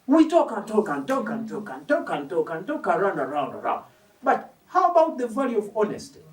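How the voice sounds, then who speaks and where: Animated preacher man in an echoey hall. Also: sits high, a little fast. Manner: animated, emphatic, asks the congregation questions. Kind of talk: sermon. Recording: echoey hall, mic from a distance.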